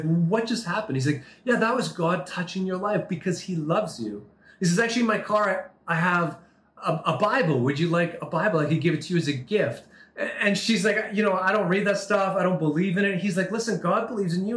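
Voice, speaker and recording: Guy preaching, kinda high voice, tells stories in an earnest way, echoey room. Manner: earnest, retells dialogue with shifting emphasis. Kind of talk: sermon with storytelling. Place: Turkey.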